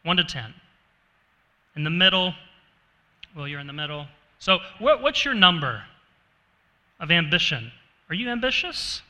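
A pastor preaches a conversational sermon at an unhurried pace, putting questions to his listeners. His voice is strikingly bright and a bit high, and it echoes through a reverberant church hall. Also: lively intonation, muffled recording. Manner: conversational, asks the congregation questions.

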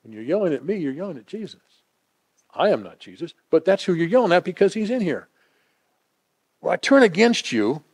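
Preacher man swinging loud to hushed. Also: high-pitched, very animated, brisk, pauses often, husky. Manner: dynamic, swinging from emphatic to hushed. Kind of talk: sermon.

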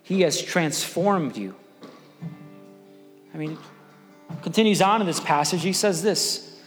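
A man giving a conversational, animated sermon as pastor in a church, with faint music behind. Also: on the high side, normal speed, in a large hall.

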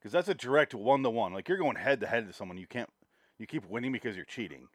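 A man's voice: mid-range voice, lively intonation, quick pace, no room sound, studio quality. A man co-hosting a movie podcast, talking casually in a wry, blunt way and laughing often. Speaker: podcast co-host. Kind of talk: casual banter about movies.

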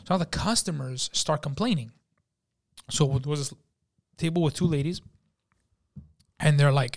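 A young man telling profane, animated stories in casual talk and acting out the people in them. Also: on the high side, fairly quick, long pauses. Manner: animated, profane, acts out quotes. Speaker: podcast guest. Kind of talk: casual storytelling. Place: studio.

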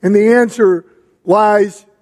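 High-voiced preacher in a reverberant hall. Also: male voice, steady tone, darkish tone. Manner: measured, storytelling preacher with pauses. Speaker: pastor. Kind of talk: sermon.

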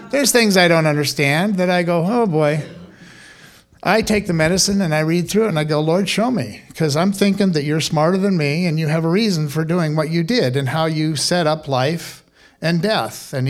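A man pastor preaching a sermon in a conversational, animated way, with casual asides and questions to the congregation. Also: on the high side, normal speed.

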